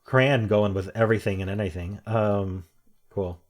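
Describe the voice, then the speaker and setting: A man's voice: on the low side, fairly even intonation, moderate pace. A young man casually talking through word puzzles, musing aloud and chuckling at his own jokes. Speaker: puzzle game streamer. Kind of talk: casual solo commentary while solving puzzles.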